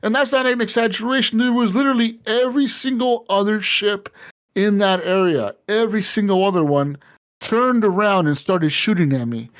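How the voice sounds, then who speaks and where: A young man on a podcast, telling a video game story in a casual, profane and animated way, acting out the game's dialogue. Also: high voice, normal speed. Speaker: podcast co-host. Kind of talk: casual gaming chat.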